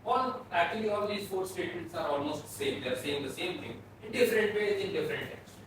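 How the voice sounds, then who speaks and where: A man's voice: high voice, animated, fairly bright tone. Man lecturing in an echoey classroom. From Bhutan. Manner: explains slowly, repeating and restarting phrases. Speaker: philosophy lecturer. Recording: echoey room, mic far off, faint noise.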